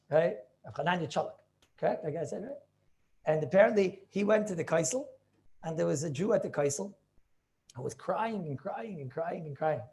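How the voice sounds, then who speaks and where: A man's voice: fairly high pitch, gravelly, darkish tone. A man in his forties, a rabbi teaching an informal class over a video call, stressing points by repeating them and asking rhetorical questions. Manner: emphatic, repetitive preaching with rhetorical questions.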